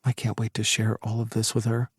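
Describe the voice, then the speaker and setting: A man narrating a first-person romance audiobook in a steady storytelling manner. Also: fairly low pitch, a little fast, slightly rough, no room sound, studio quality.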